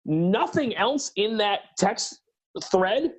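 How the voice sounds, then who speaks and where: A man calling in as a guest to a casual video chat, explaining things in an animated, joking way. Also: high voice, slow pace. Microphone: video call.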